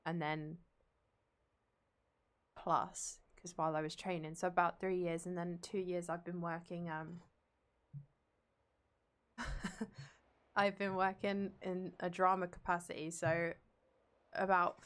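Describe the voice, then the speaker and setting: A woman's voice: fairly low pitch, little pitch movement, slow, long pauses. A young woman streamer and drama teacher, rambling casually as she plays a game and reads chat aloud and answers it.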